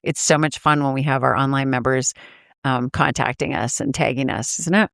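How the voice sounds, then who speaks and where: A woman's voice: extremely low pitch, fairly even intonation, normal speed, creaky, a bit bright, dry recording, clean studio sound. A woman co-hosting a podcast in casual chat, supportive and teasing, agreeing often. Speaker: podcast co-host.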